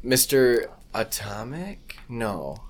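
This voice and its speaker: A man co-hosting a casual podcast, talking in a lively, joking way and swearing freely. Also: mid-range voice, extremely slow. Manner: lively, swearing, laughing often, animated storytelling. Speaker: podcast co-host. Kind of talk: casual chat.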